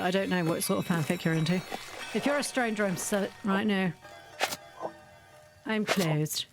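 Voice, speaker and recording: A young woman streaming a game, chatting casually and sarcastically, often giggling as she rambles. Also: lowish voice. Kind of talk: casual chat while gaming.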